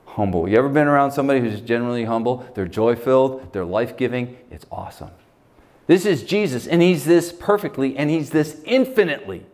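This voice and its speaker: American male pastor, conversational sermon, mid-pitched voice, loud emphasis then hushed quotes. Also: fast talker.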